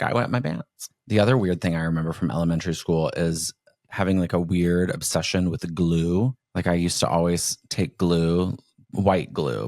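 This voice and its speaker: A man hosting a podcast, telling stories in a rambling, animated way over casual chat. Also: low voice, gravelly, dry recording, studio quality. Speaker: podcast host.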